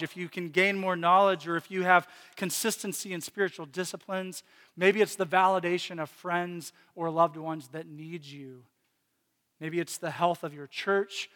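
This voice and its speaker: A pastor from Virginia delivers a heartfelt sermon, sharing personal struggles with many restarts and repetitions. His voice sits high for a man. It carries with a long reverb through a large church hall. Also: fairly bright tone. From Virginia, USA.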